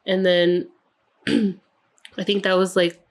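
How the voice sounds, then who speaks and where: A woman's voice: lowish voice, level tone, drawn-out words. A young woman tells a night-out story on a casual podcast. She swears freely and jumps into quoted voices as she goes. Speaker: podcast co-host.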